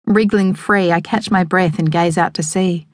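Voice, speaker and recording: Woman, audiobook narrator, lowish voice, close dry studio sound, measured. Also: fairly even intonation, no echo. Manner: measured, evocative storytelling. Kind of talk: scripted first-person narration. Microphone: close studio microphone.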